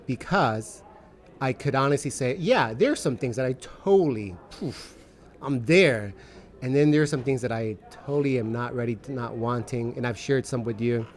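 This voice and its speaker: A man's voice: medium pitch, normal speed. A man in his thirties, reflecting thoughtfully on faith and asking his co-host questions in a casual podcast chat. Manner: reflective, questioning, frequent affirming murmurs.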